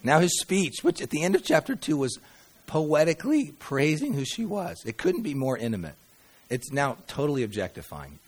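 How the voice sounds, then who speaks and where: A pastor preaching a sermon, reading scripture dramatically and breaking into wry, conversational asides, with sudden quiet drops. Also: male voice, medium pitch, big pitch swings, fairly quick, breathy edge.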